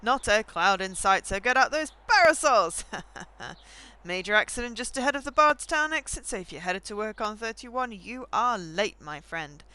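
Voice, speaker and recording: A woman's voice: fairly high pitch, big pitch swings, moderate pace, bright, forceful tone, smooth. A woman voicing a cheerful morning radio announcer reading weather and traffic, with an upbeat, punchy delivery. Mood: chipper.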